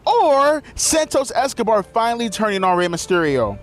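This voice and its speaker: A man's voice: high-pitched, sing-song, moderate pace, hardly any pauses, faint music behind. A man giving a casual, profane, rambling recap of a wrestling show.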